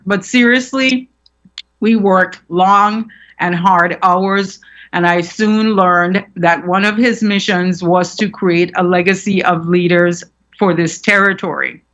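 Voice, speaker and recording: Bright-voiced woman giving formal testimony. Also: mid-range voice, fairly even intonation, a little slow. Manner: earnest, outspoken, with light asides. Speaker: testifier, former island administrator.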